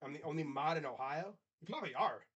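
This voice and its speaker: Man, slightly high voice, livestream game caller, casual chat between excited play calls. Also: quick pace, husky, muffled recording. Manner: casual, chatty, reads and answers live chat; excited play calls mixed with low asides. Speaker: sports streamer. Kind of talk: live play-by-play reaction stream.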